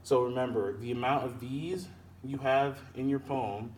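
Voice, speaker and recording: A man's voice: medium pitch, fairly even intonation, darkish tone. Man explaining poetry from a distance. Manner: explains slowly, repeating and sounding out words. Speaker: teacher. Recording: distant mic with faint background noise.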